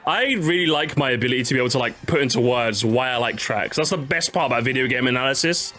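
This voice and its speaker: A young man chatting casually on a live stream, animated and jokey, talking to his chat. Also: mid-range voice, fast talker. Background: faint game music.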